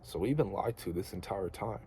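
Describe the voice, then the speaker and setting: Young man, deep mellow voice, earnest and rambling casual monologue, faint room hiss. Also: animated, a little fast. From United States. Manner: earnest, rambling, slangy with filler words. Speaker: vlogger.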